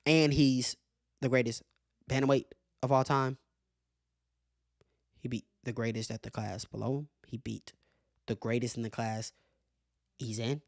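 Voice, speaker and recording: A man hosting a casual sports commentary show, animated and profane, laughing often as he makes his case. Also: medium pitch, measured pace, gravelly, long pauses, dry recording, studio quality. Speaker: show host.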